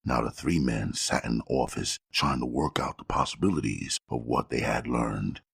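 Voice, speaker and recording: A man narrating a crime novel audiobook in a steady, measured storytelling manner with a gravelly voice. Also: rumbling low, no echo, clean studio sound.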